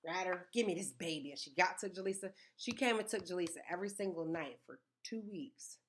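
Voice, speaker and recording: Woman, 30s, slightly low voice, emphatic casual storyteller. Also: fairly quick, a little hiss or hum. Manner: animated, emphatic, repeats words for effect.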